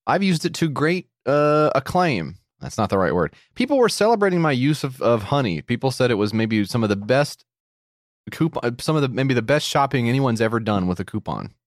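A man's voice: medium pitch, sing-song, fairly quick, no echo, clean studio sound. A man co-hosting a comedy podcast who reads a sponsor ad casually and keeps riffing and joking off-script. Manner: jokey, riffing, drifts off-script. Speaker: podcast co-host reading ads.

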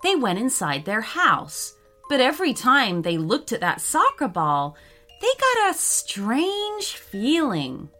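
A woman narrating a children's story in a slow, expressive read-aloud manner. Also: a little high, soft background music.

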